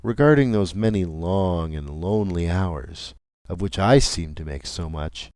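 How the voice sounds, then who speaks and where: A man reading a classic ghost story aloud in scripted audiobook narration, measured and deliberate. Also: deep voice, lively intonation, darkish tone, no room sound, clean studio sound.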